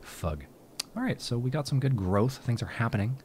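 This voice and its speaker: A man's voice: medium pitch, lively intonation, normal speed, a little mellow, slight background noise. A man giving casual, profane and joking commentary on a city-building game. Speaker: let's play host. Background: game music.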